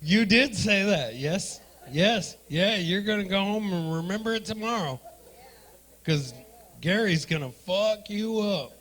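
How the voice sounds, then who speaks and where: A man's voice: high voice, expressive, a little slow, fairly bright tone, rough recording. A man doing crude, brash stand-up comedy and crowd work as the emcee on a comedy club stage.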